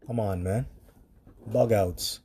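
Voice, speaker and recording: A man's voice: lowish voice, slow, mellow, breathy edge. A man preaching on scripture in a blunt, profane commentary style, reading verses aloud and reacting to them.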